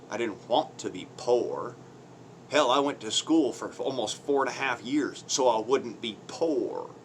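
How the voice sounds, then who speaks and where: A man's voice: mid-range voice, a little hiss or hum. A man ranting on his own channel in blunt, crude, mocking commentary, swearing heavily, using folksy slang and laughing between points. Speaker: vlogger.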